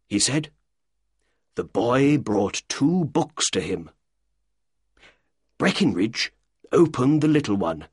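Slow, husky male audiobook narrator. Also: medium pitch, big pitch swings, no room sound, clean studio sound. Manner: measured, deliberate reading.

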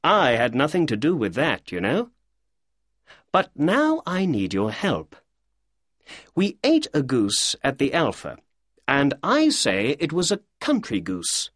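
A sharp, inquisitive detective, as an audiobook narrator puts him on, lifted well above the reader's own voice and swinging through a very lively melody. He asks brisk, courteous questions at an unhurried pace, with a husky edge on a dry, close recording. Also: medium pitch, no echo, voice pushed up, exaggerated voice. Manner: brisk, polite and probing. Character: keen sharp-witted male detective. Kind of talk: audiobook character reading.

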